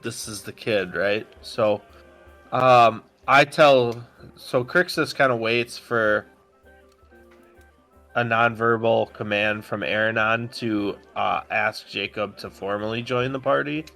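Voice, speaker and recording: A man's voice: mid-range voice, fairly even intonation, takes it slowly, vocal fry, bright, forceful tone, faint music behind. A man playing a tabletop game, plainly describing what his character does. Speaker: player. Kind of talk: casual tabletop game talk.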